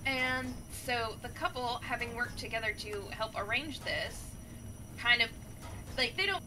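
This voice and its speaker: A woman gaming streamer retelling a story in a chatty, animated way, with many fillers. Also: fairly high pitch, a little slow, slight background noise. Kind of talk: casual storytelling while playing a game.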